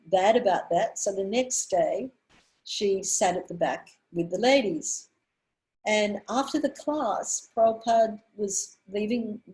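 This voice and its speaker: A woman in her sixties giving a spiritual talk, telling earnest stories with pauses and restarts. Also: medium pitch, darkish tone, rough recording. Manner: earnest storyteller, pausing on fillers and restarts. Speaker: women's minister giving a talk.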